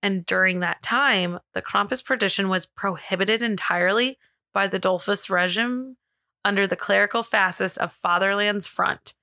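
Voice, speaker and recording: A woman co-hosts a casual podcast, reading from her notes in a bright, forward voice. She giggles easily and teases herself when she trips over words. The sound is dry and close. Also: mid-range voice, normal speed, no room sound. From America. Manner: giggly, self-deprecating, stumbles over reading. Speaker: podcast co-host.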